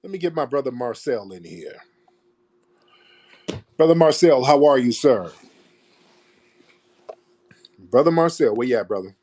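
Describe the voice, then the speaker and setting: Guy hosting a call-in show, warm mellow voice, preachy and emphatic, keeps repeating himself. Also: medium pitch, lively intonation, measured pace, long pauses. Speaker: host of a call-in stream. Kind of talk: opinionated call-in commentary.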